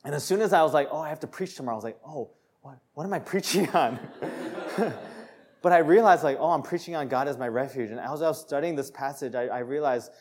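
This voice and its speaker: A young man preaching a sermon, telling a personal story with laughter and rising to joyful shouts. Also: on the high side, rapid-fire, hardly any pauses. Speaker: pastor.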